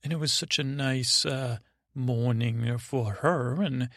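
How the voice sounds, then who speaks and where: A man host telling a meandering bedtime story, halting and full of restarts. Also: medium pitch, a bit bright, no echo, studio quality. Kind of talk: rambling bedtime story narration.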